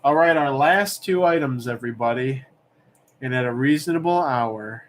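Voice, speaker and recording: A man's voice: mid-range voice, normal speed, slight background noise. A young man hosting a livestream auction, chatting casually and rambling as he reads comments aloud.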